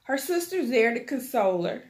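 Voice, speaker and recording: A woman's voice: a little high, big pitch swings, moderate pace, a little mellow. A woman hosting her own channel, recapping a reality show in a chatty, gossipy, slangy way. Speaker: YouTube TV recap host. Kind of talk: casual reality-TV recap chat.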